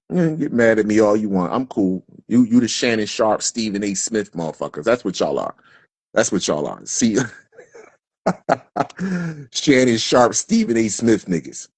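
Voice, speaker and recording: Husky man ranting hard. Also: mid-range voice, a little mellow, no room sound. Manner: heated, preachy, swears constantly. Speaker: livestream speaker. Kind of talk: impassioned profane rant. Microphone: phone on a live stream.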